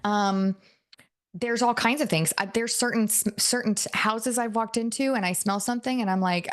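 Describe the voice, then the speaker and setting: A woman with a fairly high voice gives a coaching talk before a live audience. She tells stories in a chatty way and keeps checking in with her listeners. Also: expressive, normal speed, fairly bright tone. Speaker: NLP and hypnosis coach.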